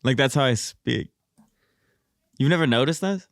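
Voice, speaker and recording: A man's voice: mid-range voice, lively intonation, moderate pace, gravelly, a bit bright, no echo. Man, mid-range voice, dry close sound, teasing podcast banter. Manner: wry, teasing, swears. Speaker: podcast co-host. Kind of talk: casual sports chat.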